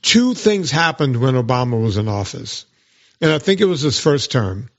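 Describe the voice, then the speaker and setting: On his podcast, a man who works as a trainer tells animated stories, putting on mock voices for what others said. He speaks at medium pitch and normal speed, and the sound is lo-fi.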